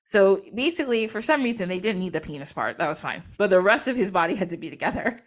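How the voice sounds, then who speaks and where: A woman's voice: mid-range voice, animated, fast. A woman retelling a myth in casual storytelling style, chatty, acting out the characters through quoted dialogue. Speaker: podcast host or guest.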